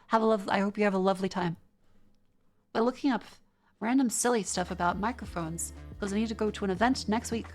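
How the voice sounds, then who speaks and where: A woman's voice: mid-range voice, a little fast, faint music behind. Chatty Australian woman streamer. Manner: chatty, reads chat aloud, stumbles and restarts. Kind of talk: casual live-stream chat.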